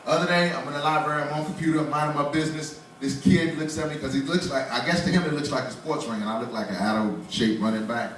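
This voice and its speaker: A man's voice: fairly high pitch, fairly even intonation, fast, hardly any pauses, fairly bright tone, slight background noise. A man in his forties doing a loose, conversational stand-up comedy set in a small bar, laughing at his own jokes. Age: 40s. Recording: roomy bar, voice from far off.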